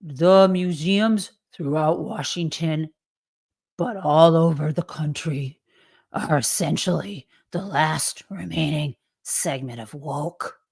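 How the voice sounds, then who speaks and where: A woman putting on a slow pompous dim voice. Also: deep voice, creaky, a little mellow, slightly rough, no room sound, studio quality, exaggerated voice. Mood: mocking. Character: mocking put-on man, pompous and dim.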